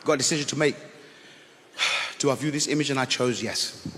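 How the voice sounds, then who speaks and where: A man doing stand-up comedy, telling a story on a theatre stage and swinging between loud outbursts and hushed asides. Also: medium pitch, normal speed. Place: large theatre stage with audience. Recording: long theatre reverb, faint crowd noise.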